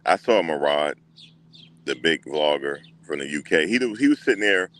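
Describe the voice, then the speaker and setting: A man hosting a casual livestream, talking back to his chat in an animated way and repeating what others said. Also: very deep voice, moderate pace. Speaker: livestream host.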